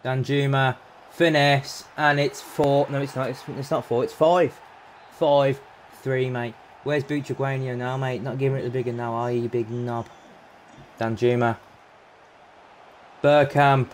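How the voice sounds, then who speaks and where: A young man commentating his own football video game, sweary, excitable and full of jokey banter. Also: mid-range voice, a little slow, slight background noise. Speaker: gaming YouTuber. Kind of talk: live gameplay commentary.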